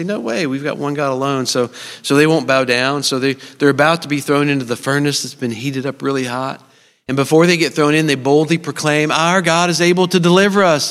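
A man's voice: medium pitch, fairly bright tone. A middle-aged man, preaching a sermon in an earnest, personal storytelling style with touches of humor. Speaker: speaker at a church service. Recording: long reverb of a large hall.

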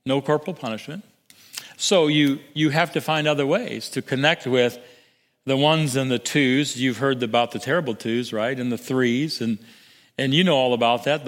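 An older man preaching a sermon, earnest, stumbling over restarts and sinking to soft, low emphasis. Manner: earnest, with repeated restarts and soft drops to near-whisper for emphasis. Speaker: pastor. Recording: long hall reverb.

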